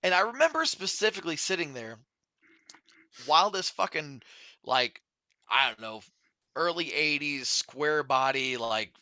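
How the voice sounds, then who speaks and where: Bright-voiced man telling a profane story. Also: on the high side, a little slow, pauses often, dry recording. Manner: profane, animated anecdote telling. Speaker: podcast guest. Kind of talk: casual storytelling chat. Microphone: studio podcast mic.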